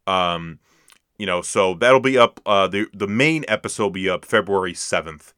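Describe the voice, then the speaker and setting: Low, bright-toned man joking on a podcast. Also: lively intonation, normal speed, clear, resonant tone, dry recording. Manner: dry jokey asides, hesitant fillers. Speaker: podcast co-host. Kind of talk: casual chat.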